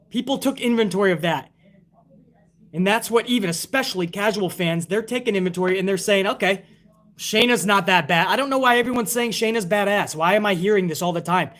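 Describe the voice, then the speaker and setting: High-voiced profane wrestling ranter. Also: male voice, normal speed, a bit bright. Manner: profane, ranting, sarcastic. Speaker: wrestling show reviewer. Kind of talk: casual live-stream commentary.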